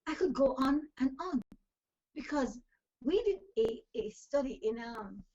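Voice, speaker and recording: A woman's voice: high-pitched, animated, unhurried, dark tone. A woman giving an emphatic, preachy motivational talk full of scripture phrases. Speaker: talk show host and life coach. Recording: dull lo-fi recording.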